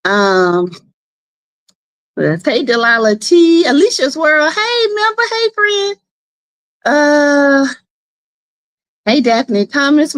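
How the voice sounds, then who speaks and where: A woman's voice: fairly high pitch, fairly bright tone. A woman hosting a casual live stream from her home, chatting with viewers, greeting them by name and laughing often. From South Carolina. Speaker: livestream host.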